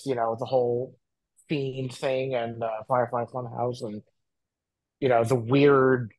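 A man's voice: medium pitch, no echo, poor audio. A man co-hosting a podcast, talking earnestly and rambling with frequent fillers. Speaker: podcast co-host. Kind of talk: casual podcast chat.

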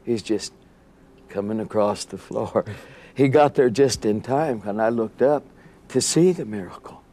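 Animated storytelling man, laughing often. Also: medium pitch, a little slow. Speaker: guest. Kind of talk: storytelling in a TV interview.

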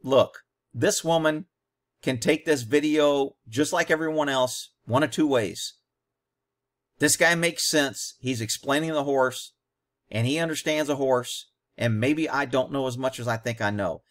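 A man's voice: mid-range voice, unhurried, a bit bright. A man hosting a commentary on a training video, talking bluntly and combatively in short, punchy explanations.

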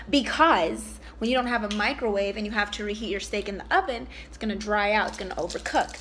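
Playful high-voiced woman in a noisy kitchen. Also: expressive, quick pace, bright, forceful tone. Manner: playful, sings silly chopping chants, swears casually. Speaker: comedian cooking vlogger. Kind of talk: casual cooking vlog. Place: home kitchen.

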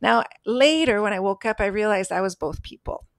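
A woman's voice: mid-range voice, fairly even intonation, fast talker, dry recording. A woman co-hosting a podcast, telling a personal story in an earnest, emphatic way. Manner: earnest, emphatic, acts out voices in stories. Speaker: podcast co-host.

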